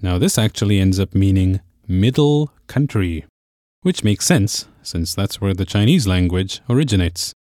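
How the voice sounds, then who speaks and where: A man's voice: sits low, expressive, moderate pace, a little mellow, dry recording, clean studio sound. A man teaching a podcast language lesson, explaining patiently step by step.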